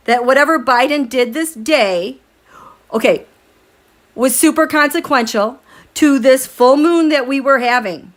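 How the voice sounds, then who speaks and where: Chatty high-voiced woman hosting a livestream. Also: unhurried, pauses often. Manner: chatty, animated, laughs often, reads viewer comments aloud. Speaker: tarot livestream host. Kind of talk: casual livestream chat with viewers. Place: home, at night.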